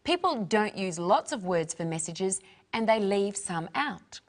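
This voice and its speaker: A woman's voice: medium pitch, expressive, unhurried. Woman co-presenter explaining plainly. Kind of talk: casual scripted chat.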